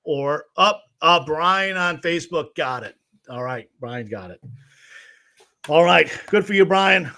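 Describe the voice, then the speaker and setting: Man counting out beats, slightly high voice. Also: expressive, unhurried, gravelly, bright, forceful tone. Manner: explains patiently, counting beats aloud. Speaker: guest guitar teacher. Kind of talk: livestream music lesson.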